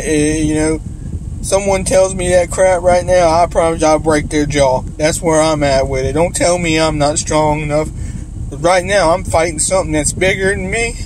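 A man, talking in a halting, emotional, tearful way in a confessional vlog, full of restarts and apologies. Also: fairly high pitch. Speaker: vlogger in recovery. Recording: outdoor recording with loud traffic noise.

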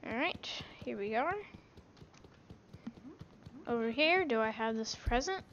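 A woman giving casual gameplay commentary on a headset, excitable and given to sudden shouts. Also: a little high, slow, lo-fi sound, background noise. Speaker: gaming video creator. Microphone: gaming headset.

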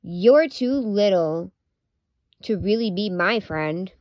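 A woman voicing a boastful, snippy young male horse in a slightly lower voice. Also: animated, moderate pace, no room sound, muffled recording, close to an everyday voice.

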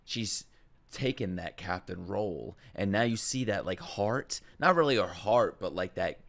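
A young man hosting an anime reaction, excitable and crude, swearing a lot and bursting into shouts. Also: on the low side, measured pace. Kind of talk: live reaction commentary.

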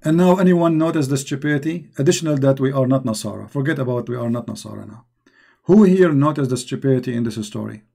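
Speaking quickly in a creaky, warm, mid-range voice, a man hosts a live online discussion. He repeats himself, mocks, and presses his points hard, with grammar marking him as a non-native English speaker.

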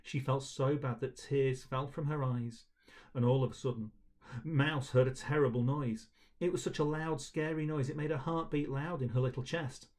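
A man's voice: medium pitch, steady tone, moderate pace, a little mellow. A man leading a school assembly, reading a children's story aloud and encouraging the children afterwards.

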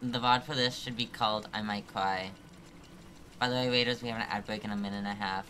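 Streamer, live gameplay commentary, exasperated, self-mocking, sharp bright voice, medium pitch. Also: fairly even intonation, brisk, a little hiss or hum. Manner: exasperated, self-mocking, jokes about crying.

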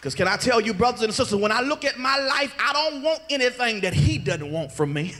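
A male pastor, preaching a sermon in a church and calling out to the congregation, slipping into sung and shouted phrases. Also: extremely high pitch, expressive, a little fast. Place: church sanctuary.

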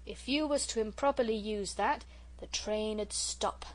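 A woman's voice: mid-range voice, unhurried, close to an everyday voice, poor audio. A woman reading an audiobook, voicing a chatty working-class railway porter who talks in a homely way. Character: gruff kindly middle-aged railway porter.

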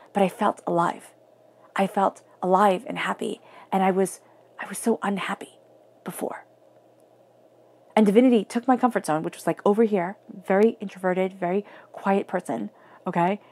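Husky, gravelly woman giving a tarot reading. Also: mid-range voice. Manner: earnest, drops to soft near-whispers for emphasis. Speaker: tarot reader.

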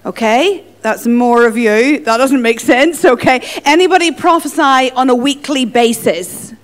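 Irish woman, guest teacher, light teasing delivery, slightly high voice. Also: unhurried. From Ireland. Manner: playful, jokey with the audience. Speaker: guest speaker. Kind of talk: teaching session.

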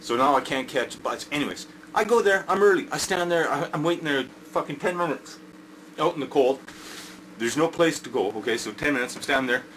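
A man's voice: a little high, lively intonation, a little fast. Older canadian guy ranting mad, cussing nonstop, keeps saying eh, faint hiss behind him. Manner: furious, swearing, yells and repeats himself. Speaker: vlogger. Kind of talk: angry rant to camera.

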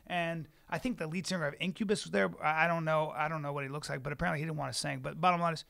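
A man's voice: on the high side, fairly even intonation, rapid-fire, vocal fry, fairly bright tone. A man in his forties, a comedian co-hosting a podcast, telling a rambling, profane story in casual chat. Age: 40s. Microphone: studio mic.

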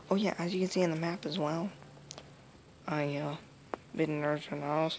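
Gravelly woman gamer commentary. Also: low voice, fairly even intonation, moderate pace, pauses often, a little mellow. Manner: casual, muttering asides. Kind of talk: let's play commentary. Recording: noisy home recording.

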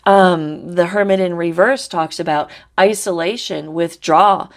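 Woman, tarot reader, casual monologue, blunt, swears a lot, keeps saying right, slightly low voice. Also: steady tone, measured pace.

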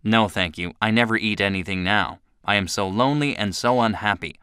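A man voicing a melancholy, lonely old male ghost who speaks in a quiet, low, dreamy way. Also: fairly quick, smooth, no room sound, studio quality. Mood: weary.

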